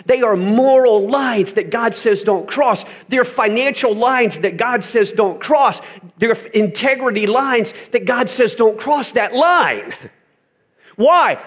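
A male pastor preaching a sermon, driving points home with emphatic repetition and rising to loud peaks. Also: sits high, slightly rough.

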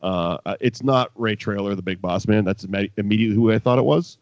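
A man co-hosts a casual podcast about wrestling. He rambles and swears, with laughing asides. His voice sits low, and the recording is dry and dull. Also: fairly quick, darkish tone, no echo. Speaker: podcast co-host. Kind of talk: casual wrestling recap chat.

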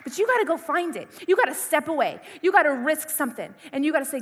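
A woman's voice: high-pitched, big pitch swings, fast, big-room sound, a little hiss or hum. A woman preaching to a youth crowd, passionate and conversational, with lots of repetition. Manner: impassioned, conversational, full of repetition. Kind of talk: sermon.

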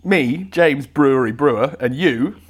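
A man's voice: medium pitch, lively intonation, measured pace, slightly rough. Chatty male podcast co-host. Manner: chatty, often restarts sentences. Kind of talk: casual chat.

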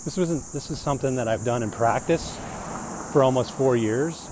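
Against a noisy background, a man with a mid-range voice talks at a moderate pace in a rambling, casual monologue on Bible reading. He often quotes other people in mocking, put-on voices.

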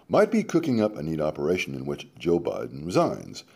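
This radio host has a husky bass with a darkish tone, moving briskly with few pauses and big swings in pitch. He reads a column aloud and keeps cutting in with sarcastic remarks between passages, going from emphatic to muttering for dramatic effect.

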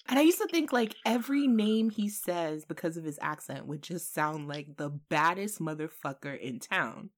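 A woman podcast host in casual chat, telling stories in an animated way and laughing often. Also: deep voice, normal speed.

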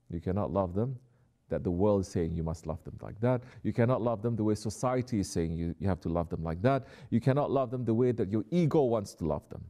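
A man preaching a sermon who exhorts his listeners, drops to soft, quiet asides and then rises to emphatic lines. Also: deep voice.

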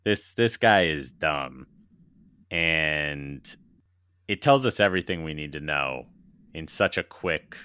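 Deep bright-toned man chatting about movies. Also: animated, slow, smooth, no echo. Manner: enthusiastic, swears, retells scenes with laughter. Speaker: podcast co-host. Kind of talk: casual movie discussion.

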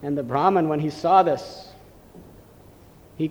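A man telling a devotional story in a gentle, reverent sermon style. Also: on the high side, measured pace, pauses often. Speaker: preacher. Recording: long hall reverb.

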